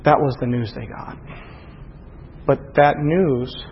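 A man preaching a sermon, moving from quiet storytelling to rising, emphatic preaching. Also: on the high side, slight background noise. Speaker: pastor. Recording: dull, echoey hall audio.

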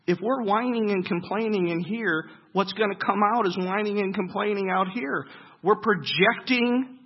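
A man preaching with a high, husky voice, posing questions to his congregation and answering them himself. He swings from loud, emphatic bursts to hushed, low passages. The recording sounds dull and lo-fi. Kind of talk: sermon.

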